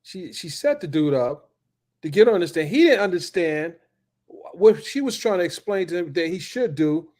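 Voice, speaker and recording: Guy reporter, high voice, bounces around a lot, kinda incredulous. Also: sing-song, moderate pace, a little mellow. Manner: incredulous, reacting to what he hears. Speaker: reporter hosting a discussion. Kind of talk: casual discussion.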